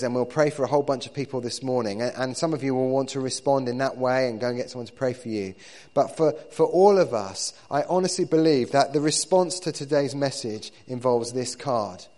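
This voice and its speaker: A man preaching to his church in a relaxed, conversational way, often repeating words as he builds his points. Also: mid-range voice. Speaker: pastor. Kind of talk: sermon.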